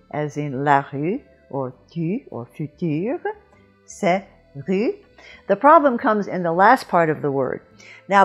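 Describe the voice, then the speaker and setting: Woman teaching French pronunciation patiently. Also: fairly low pitch. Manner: patient, careful, models French words slowly. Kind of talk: instructional lesson.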